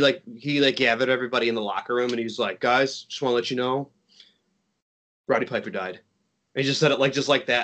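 Guest spot: Chicago man, rambling storyteller, mid-pitched everyday voice. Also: fairly bright tone. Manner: rambling, many likes and restarts. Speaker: podcast guest, wrestler. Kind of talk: casual storytelling chat.

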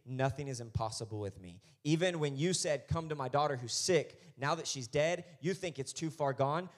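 A man preaches to his congregation in a loose, conversational way, his voice sitting in an ordinary middle pitch. He often swells into loud, fervent passages while driving his points home. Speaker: pastor. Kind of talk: sermon.

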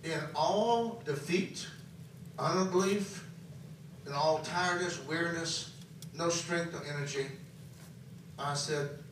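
A man preaching a sermon, swinging between soft and loud and repeating phrases for emphasis. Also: a little high, slow pace, pauses often, noisy background. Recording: very echoey hall, voice from far off.

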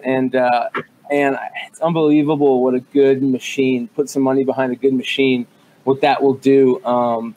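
A man's voice: mid-range voice, a little mellow, low-quality recording. Casting: male podcast co-host with a mid-range voice, loose and profane, full of ums and restarts, over faint background hiss. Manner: rambling, profane, lots of fillers and restarts. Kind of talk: casual chat.

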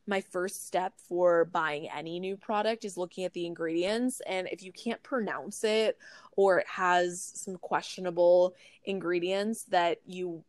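A woman's voice: fairly low pitch, steady tone, measured pace, no echo. A young woman, a podcast guest, giving earnest food advice in a casual chat, with some fillers. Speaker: podcast guest, nutrition creator.

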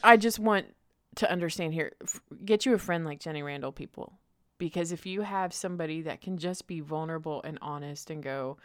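A woman's voice: sits low, a little fast, fairly bright tone, no echo, studio quality. A woman co-hosting a faith-based podcast, talking in an emphatic, preachy, encouraging way. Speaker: podcast co-host.

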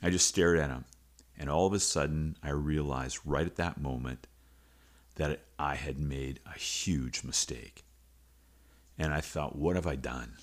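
Very deep-voiced man telling a story. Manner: earnest, confessional. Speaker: podcast host, teacher and football coach. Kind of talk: reflective personal storytelling.

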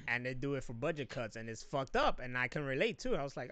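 A man talks casually on a podcast in a bright, crisp voice. He tells his stories animatedly and swears freely. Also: quick pace, hardly any pauses, no echo. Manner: animated storyteller, swears freely, mimics others in high voices. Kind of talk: casual chat.

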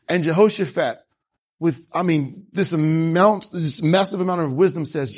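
A man's voice: fairly high pitch, animated, fairly quick, husky. A man preaching a sermon, telling the story with animation and asking rhetorical questions. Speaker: pastor.

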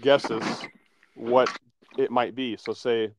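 A man's voice: mid-range voice, level tone, slow pace, background noise. A man co-hosting a podcast, explaining things in a laid-back, rambling way. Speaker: podcast co-host. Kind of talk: casual chat.

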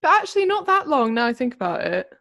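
A woman's voice: high-pitched, sing-song, fast talker, gravelly, fairly bright tone. A young woman co-hosting a podcast, chatting casually and laughing easily over a video call. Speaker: podcast co-host. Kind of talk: casual chat.

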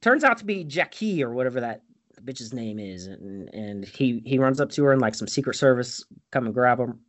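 A man's voice: mid-range voice, normal speed. A man casually retelling a movie plot, swearing a lot and laughing at it. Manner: profane, animated, laughs often. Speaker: movie recapper.

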